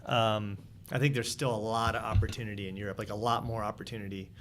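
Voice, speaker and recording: A man's voice: on the low side, flat delivery, quick pace, fairly bright tone, slight background noise. A man hosting a casual podcast who talks in a reflective, rambling way with many restarts. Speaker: podcast host.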